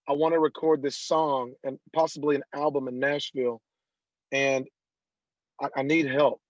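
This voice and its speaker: A man, a country singer guest on an interview podcast, telling stories lively and acting out the people he quotes. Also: mid-range voice, moderate pace, dry recording. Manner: animated storyteller who acts out quoted dialogue. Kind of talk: casual interview storytelling. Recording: dull lo-fi dry sound.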